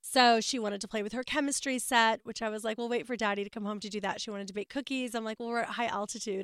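A woman's voice: fast, few pauses, smooth. A woman chatting casually as a talk show guest, telling stories and acting out quoted lines with big jumps in her voice. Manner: animated storyteller, acts out quotes with big pitch jumps. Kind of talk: casual chat.

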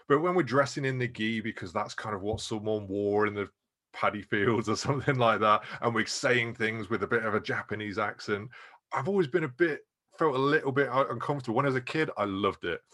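A man's voice: fairly low pitch, bright, forceful tone. An English man in a casual discussion, speaking candidly and hesitantly, often questioning himself.

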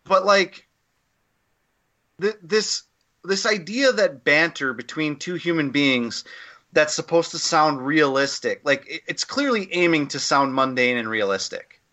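A man's voice: a little high, expressive, unhurried, sharp tone. A man co-hosting a casual podcast discussion, giving an opinionated, rambling critique full of fillers and restarts. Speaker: podcast co-host.

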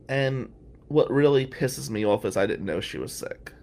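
A man's voice: medium pitch, expressive, moderate pace, vocal fry, a little mellow, slight background noise. A man telling a candid, wry personal story as a podcast host, laughing now and then between lines. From New Jersey.

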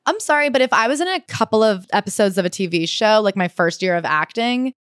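A woman's voice: mid-range voice, fairly quick, clean tone, dry recording, studio quality. A young adult woman, a podcast co-host, casually retelling a memoir and acting out the quoted voices. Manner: animated storyteller, acts out quoted voices.

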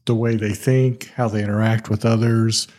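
A man in casual chat, explaining his views in a measured way. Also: fairly low pitch, level tone, a little mellow.

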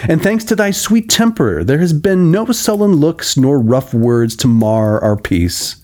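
A man's voice: fairly high pitch, lively intonation, unhurried, a little mellow, pitched above the performer's own voice. A man reading as a hearty forest yeoman. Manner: hearty, old-fashioned speech.

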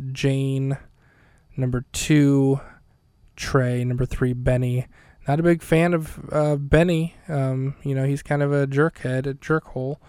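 Male podcast host, casual rambling recap, dry humor, smooth clear voice, close dry sound. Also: mid-range voice, darkish tone, no room sound.

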